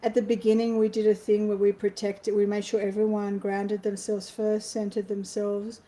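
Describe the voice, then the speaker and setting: An Australian woman chatting casually on a livestream, effusive and greeting viewers from the chat, her voice a bit worn and hoarse. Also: medium pitch, completely flat delivery, moderate pace, warm tone, low-quality recording. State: losing her voice. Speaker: livestream host. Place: apartment, indoors.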